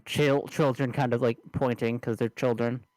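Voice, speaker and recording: A man in a middle pitch narrating as game master in a tabletop game. He talks hesitantly and restarts often, heard on a dry, close mic with no room sound. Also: little pitch movement, moderate pace, darkish tone, no room sound, low-quality recording. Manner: hesitant, lots of fillers and restarts.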